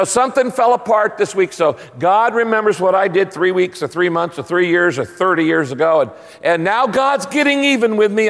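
A man preaching a sermon as pastor, emphatic and animated. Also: high-pitched, big-room sound.

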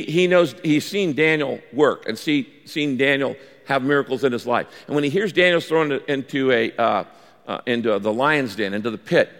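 A man preaching a sermon as the pastor, animated and acting out the voices in the story he tells. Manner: animated preacher, acts out quoted lines with big pitch jumps. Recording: long reverb of a large hall.

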